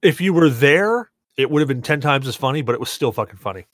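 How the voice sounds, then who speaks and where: A man hosting a podcast, tipsy from rum, telling a story in an animated, laughing way and swearing a lot. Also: medium pitch, fast, dry recording. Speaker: podcast host. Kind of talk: casual storytelling chat.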